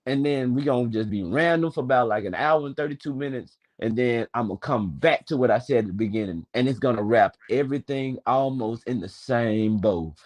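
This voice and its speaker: A man's medium-pitched, slightly mellow voice comes fairly quick with few pauses. He's in his twenties, from Memphis, Tennessee, with a Southern accent, chatting on a stream using profane slang and telling long, meandering stories.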